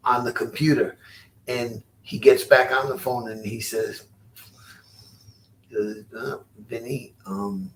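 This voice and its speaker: A man in his sixties, a former boxer, telling stories as an interview guest in a halting, rueful way, often repeating his words. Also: mid-range voice, lively intonation, a bit bright, far from the mic, a little hiss or hum. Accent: Rhode Island. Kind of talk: storytelling interview.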